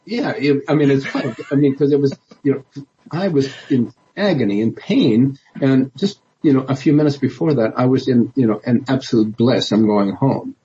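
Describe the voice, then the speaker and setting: A man's voice: medium pitch, normal speed, mellow, husky, dull audio. A man, a politician guest in an interview, telling his story in a rambling way with many restarts and fillers. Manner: rambling, many restarts and "you know", laughs often.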